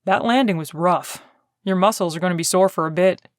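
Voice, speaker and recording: Audiobook: woman reading a soft-spoken Southern country-boy bodyguard, protective, caring. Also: lowish voice, brisk, no echo, clean studio sound, close to an everyday voice. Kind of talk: audiobook character voice.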